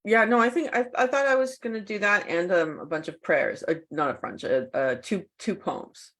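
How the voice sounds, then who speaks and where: A woman's voice: medium pitch, moderate pace, a bit bright. A woman co-hosting a casual podcast, chatty and laughing often between thoughts. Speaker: co-host.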